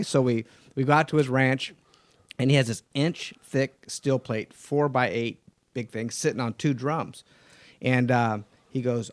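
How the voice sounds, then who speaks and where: A race car driver, a man, swaps stories in a relaxed studio conversation, acting out the voices of the people he quotes with plenty of animation. His voice sits at a medium pitch, he speaks a little slowly, and there's no echo.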